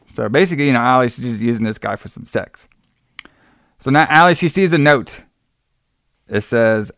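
A man's voice: mid-range voice, moderate pace, long pauses, fairly bright tone, no room sound, clean studio sound. A man casually recapping a movie plot, rambling and swearing, acting out the characters' lines and laughing as he goes. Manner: rambling, profane, acts out quotes with laughs. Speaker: podcast co-host recapping a movie.

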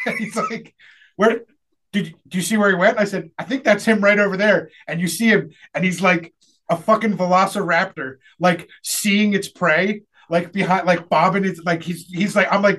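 Young male podcast host, high-pitched, lively and profane. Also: moderate pace. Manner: animated, laughing, swearing storyteller. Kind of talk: casual storytelling chat.

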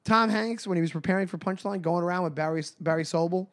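A man co-hosting a comedy podcast, animated and quick to laugh, often stumbling and restarting his sentences. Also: sits high. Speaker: podcast co-host. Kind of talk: casual comedic chat.

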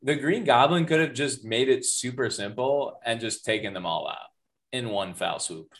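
A man's voice: medium pitch, moderate pace, a bit bright. Playful jokey man in casual chat. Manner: playful, jokey, acts out quotes. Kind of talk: casual chat about a film.

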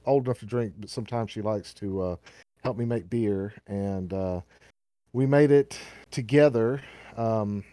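A man's voice: medium pitch, dark tone, dry recording, studio quality. A man with a Southern US accent co-hosting a casual podcast, rambling with lots of fillers and restarts. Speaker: podcast co-host.

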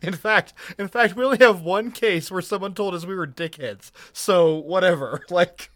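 A man's voice: high-pitched, moderate pace, fairly bright tone, no room sound, clean studio sound. Rambling, profane man on a casual podcast. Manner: rambling, profane, with many restarts. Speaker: podcast co-host. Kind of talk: casual chat.

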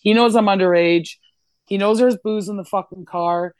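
A woman's voice: mid-range voice, moderate pace, clear, resonant tone, dry recording. A Canadian woman tells a story on a podcast, swearing with abandon. She slips into the voices of the people she's describing as she goes. Her voice is close and dry, with no room sound. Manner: profane, animated, acts out voices in the story. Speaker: podcast co-host. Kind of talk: casual storytelling.

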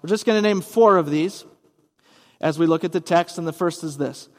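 A man's voice: on the high side, moderate pace, long reverb tail. A man preaching a sermon as pastor, explaining scripture in a conversational way with casual asides.

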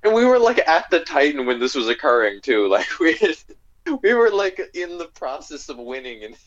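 A young man chats about video games in a relaxed, amused way and laughs often. His pitch moves in a lively way. His microphone sounds dull and lo-fi. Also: moderate pace.

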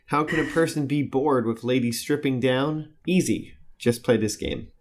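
A man co-hosting a casual podcast, reading a review in a dry, deadpan way. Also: medium pitch, moderate pace. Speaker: podcast co-host.

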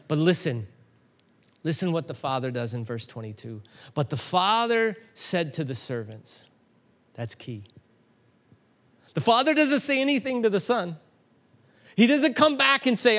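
Man, middle-aged, pastor, sermon, animated, emphatic, slightly raised pitch. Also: unhurried, pauses often. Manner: animated storytelling, rising to emphatic peaks.

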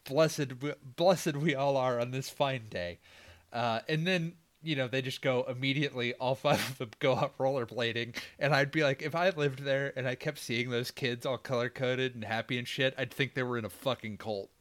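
A man's voice: mid-range voice, fairly even intonation, fairly quick, few pauses, fairly bright tone. A man co-hosting a casual movie podcast, rambling and swearing freely as he recaps the plot. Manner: swearing, laughing, loose rambling. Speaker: podcast co-host.

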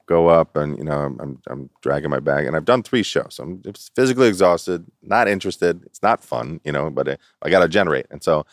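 A middle-aged man with an extremely deep voice tells a story in a relaxed interview, laughing easily and jumping into the voices of the people he quotes. The sound is dry and close, with no room around it. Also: a little fast, hardly any pauses, no room sound. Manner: animated storyteller who acts out quotes and laughs often. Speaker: interview guest.

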